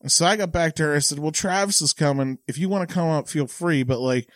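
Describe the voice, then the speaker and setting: A man's voice: fairly high pitch, fast talker, no room sound, clean studio sound. A man, a stand-up comedian, chatting casually on a podcast after a few drinks, rambling with lots of filler words and swearing. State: tipsy.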